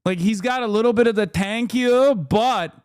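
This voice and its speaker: Guy streaming reactions, swears a lot, laughs, kinda high voice, dry close sound. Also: brisk, a little mellow, no echo. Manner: crude, sarcastic, laughing often. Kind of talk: live stream reaction commentary.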